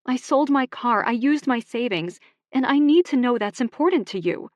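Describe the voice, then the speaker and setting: A woman's voice: on the high side, expressive, normal speed, no echo, highs cut off, pitched above the performer's own voice, close to an everyday voice. A woman narrator voicing an earnest young shopkeeper. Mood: pleading. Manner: pleading, emotional, raised voice. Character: young woman shop owner, earnest and hurt.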